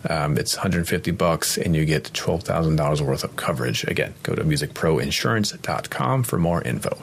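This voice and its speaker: A man's voice: a bass voice, animated, a little hiss or hum. A man hosting a podcast, reading sponsor spots and chatting casually with a guest, laughing often. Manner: laughs often, quick reactions. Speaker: podcast host. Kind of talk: casual podcast chat and ad reads.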